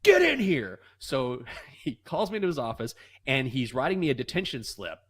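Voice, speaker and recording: A man co-hosting a sports betting show, telling a story with lively acted-out voices, then talking basketball. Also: mid-range voice, a little fast. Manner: animated, acts out voices in anecdotes. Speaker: co-host.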